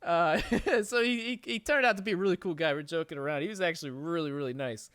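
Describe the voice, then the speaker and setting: A man tells a story on his podcast in a loose, profanity-heavy, rambling way. His voice sits a bit high and sounds bright and clean. It is recorded dry and close on the mic. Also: quick pace, clear, resonant tone, no room sound. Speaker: podcast host. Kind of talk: casual storytelling chat.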